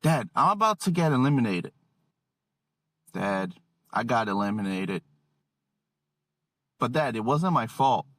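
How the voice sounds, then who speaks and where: A man's voice: mid-range voice, big pitch swings, unhurried, long pauses, fairly bright tone, no echo. A man voicing his young son, an eager boy who narrates every move of his game. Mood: chatty.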